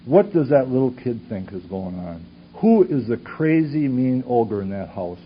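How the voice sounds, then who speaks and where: A man's voice: mid-range voice, sing-song, moderate pace. A man from Wisconsin giving a personal testimony from a conference podium, full of pointed rhetorical questions. His volume rises and drops sharply as he talks. The sound is a dull, lo-fi tape recording with a faint hiss underneath. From Superior, Wisconsin. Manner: earnest, rhetorical questions, swings from loud to hushed. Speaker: conference speaker sharing his story. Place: conference hall with audience.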